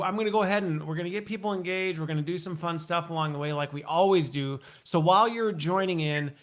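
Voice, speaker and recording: Man, host, casual livestream chat, upbeat, teasing, laughs a lot, slightly high voice. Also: a bit bright.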